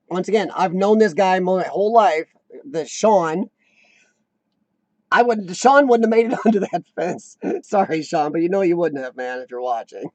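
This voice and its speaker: Brief: American man hosting a live chat stream, high-pitched, rambling and talkative, dry close mic. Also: darkish tone, no room sound. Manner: chatty, rambling, reads chat aloud.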